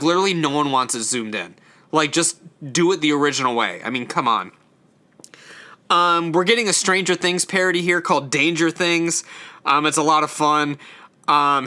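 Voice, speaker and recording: Bright chatty young man. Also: on the high side, smooth. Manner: chatty, filler-heavy, stumbles over words. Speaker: host ranking episodes. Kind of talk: casual solo commentary.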